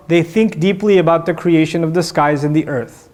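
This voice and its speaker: Guy giving a quran talk, kinda high voice, tells stories, keeps asking the room questions. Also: normal speed. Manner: animated storytelling, asks the audience questions. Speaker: Islamic teacher. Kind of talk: lecture on Quran verses.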